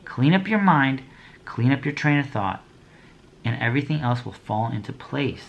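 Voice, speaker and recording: A man's voice: medium pitch, lively intonation, moderate pace, creaky, highs cut off. A young man giving a motivational talk to small business owners, with a preachy, blunt delivery, slang, and slogans he repeats over and over. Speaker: motivational speaker.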